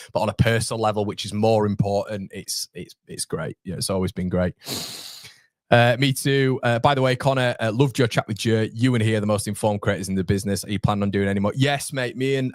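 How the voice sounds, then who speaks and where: A young man hosting a casual live fan stream, chatting with viewers and reading their comments, matey and quick to laugh. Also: lowish voice, no room sound, clean studio sound. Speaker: fan channel host reading live chat. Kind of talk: casual live watchalong chat.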